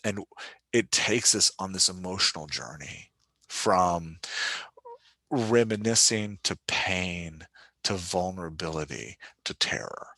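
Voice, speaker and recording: A man's voice: low-pitched, slow, pushed and bright, dry recording. A man from Louisiana with a leftover Southern accent, hosting a solo podcast that teaches writing, self-deprecating and often checking in with "right?". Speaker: podcast host.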